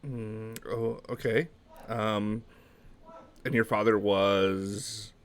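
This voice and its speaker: A man's voice: lowish voice, little pitch movement, a little hiss or hum. A man playing a sardonic private investigator in a tabletop role-play, with a joking, sarcastic manner. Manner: sarcastic, joking, quick-witted. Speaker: player.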